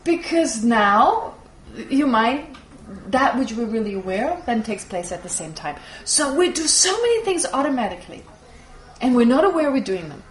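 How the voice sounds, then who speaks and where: Lively high-pitched woman teaching in a roomy hall. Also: normal speed. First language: German. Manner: lively, laughing, explanatory. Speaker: Buddhist teacher. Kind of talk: teaching with audience Q&A. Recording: echoey room, faint noise.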